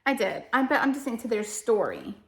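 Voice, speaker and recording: Her pitch is fairly high and swoops wildly, and she speaks a little fast. This homeschooling mom rambles through a casual chat about her family's books, correcting herself along the way, sounding emotional and poking fun at herself.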